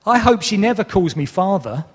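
The long reverb of a church hall surrounds a man in his thirties delivering a sermon with candor, self-deprecation, and some humor. His high-sitting voice is very animated and slightly rough, moving at normal speed.

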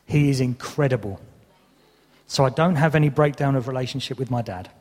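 A man's voice: medium pitch, brisk, darkish tone. A man in his thirties preaching a sermon, candid and self-deprecating with touches of humor. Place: church hall. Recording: long reverb of a hall.

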